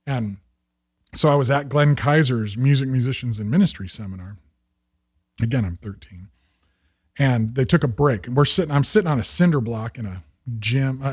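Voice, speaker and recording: Man, 50s, podcast guest. Husky, dry-recorded, animated raconteur. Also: medium pitch, no echo. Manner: lively anecdotes with acted quotes and quick restarts. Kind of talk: storytelling in conversation.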